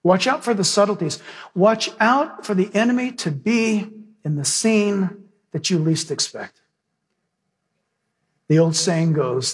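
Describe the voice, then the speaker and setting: A pastor addresses his church in a high, slightly rough, animated voice, taking his time and pausing frequently. He shifts from a story into passionate prayer, offering praise repeatedly with growing intensity.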